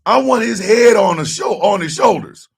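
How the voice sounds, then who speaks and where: A man rants on his talk show and curses freely, going from shouted outbursts to low grumbles. His voice is somewhat high and gravelly, with a wide, jumpy pitch. He sits away from the microphone. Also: lively intonation, moderate pace, recorded from a distance. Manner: profane, shouting, swings between yelling and muttering. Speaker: host. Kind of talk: loud rant on a casual talk show.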